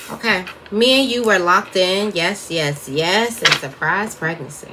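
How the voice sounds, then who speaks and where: A woman's voice: medium pitch, a little slow, few pauses, very noisy. A woman giving a casual tarot reading, chatty and wandering off topic as she talks to her viewers. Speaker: tarot reader.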